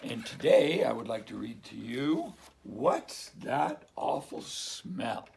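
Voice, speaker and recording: A man reading a picture book aloud to children, slow and expressive, as a teacher. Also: medium pitch, creaky.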